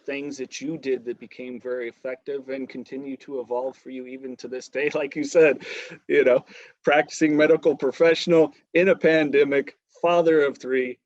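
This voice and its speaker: A man's voice: medium pitch, no room sound. A male podcast host asks questions and chats in a casual, frank manner, swearing freely. The sound is dry and close, with a dull lo-fi quality. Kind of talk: casual interview chat.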